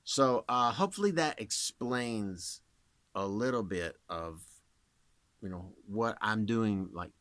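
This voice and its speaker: A man in his thirties rambles casually to camera, explaining voice tricks as a working voice actor. His pitch swings widely as he talks. The recording is close and dry. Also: animated, takes it slowly, a bit bright, no echo.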